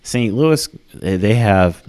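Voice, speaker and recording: A very deep-voiced man chatting on a podcast as a comedian guest. He tells stories at an easy, meandering pace, looping back through his points. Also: animated, takes it slowly, darkish tone, smooth, no echo. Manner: laid-back rambling storyteller. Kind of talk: casual podcast chat.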